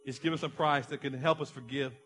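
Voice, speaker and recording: A man's voice: mid-range voice, fairly even intonation, fast talker, fairly bright tone. A middle-aged man preaching a passionate sermon as a pastor, acting out an illustration with someone from the congregation.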